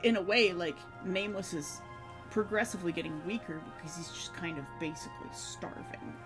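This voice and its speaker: A woman's voice: lowish voice, fairly quick, music in the background. A woman streamer chatting casually, rambling with fillers and frequent laughs. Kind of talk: casual chat.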